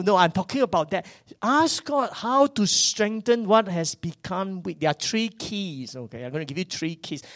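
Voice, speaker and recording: A man, preaching a sermon that swings from loud bursts to hushed asides. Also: fairly high pitch, no room sound, clean studio sound. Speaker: pastor.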